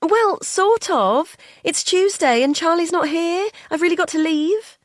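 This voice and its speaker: A woman voicing an impatient female carer whose pitch rises at the end of every sentence. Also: measured pace, no echo, clean studio sound.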